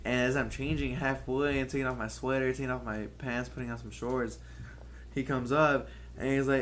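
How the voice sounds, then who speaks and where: A man's voice: medium pitch, level tone, moderate pace, fairly bright tone. A young man tells a long story on a casual home podcast, rambling, swearing freely and acting out what others said. A faint noise sits under his voice. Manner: rambling, profane, acts out others' lines. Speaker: podcast co-host.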